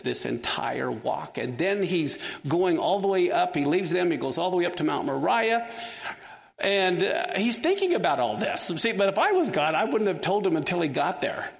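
Gravelly man teaching in an echoing hall. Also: high voice, big pitch swings, normal speed. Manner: engaged, asks the class questions. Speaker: Bible teacher. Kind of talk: classroom Bible lesson. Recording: long hall reverb.

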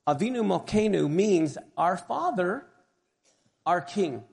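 Gravelly man telling a sermon story. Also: high-pitched, expressive, darkish tone, big-room sound. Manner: earnest, measured retelling. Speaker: preacher.

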